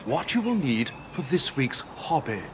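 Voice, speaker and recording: A man's voice: mid-range voice, very animated, measured pace, slight background noise, pitched below the performer's own voice. An English man playing a pompous, self-important male hobby obsessive in a comedy sketch, lecturing and ranting.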